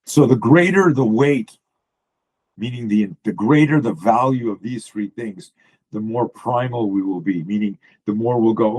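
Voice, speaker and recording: Husky-voiced man coaching on a video call. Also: on the low side, unhurried, rough recording. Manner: blunt, profane, animated explaining. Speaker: self-defense coach. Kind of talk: presenting slides on a video call.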